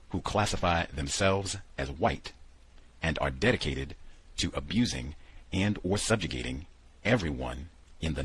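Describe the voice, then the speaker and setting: Husky-voiced deep male radio host. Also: rough recording. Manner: animated storytelling with quoted asides, many fillers. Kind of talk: casual radio talk.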